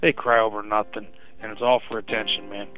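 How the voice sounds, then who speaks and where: A man's voice: lowish voice, little pitch movement, brisk, narrow, tinny audio, loud music behind the voice. A man leaving a rambling, profane voicemail rant, saying "you know" again and again. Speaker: voicemail caller. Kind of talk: crude ranting.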